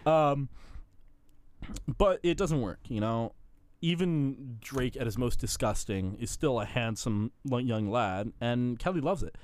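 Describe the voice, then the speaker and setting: A man co-hosting a radio show, rambling in quick bursts with stumbling restarts. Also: mid-range voice, lively intonation, a little mellow, no room sound. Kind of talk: casual banter. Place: radio studio.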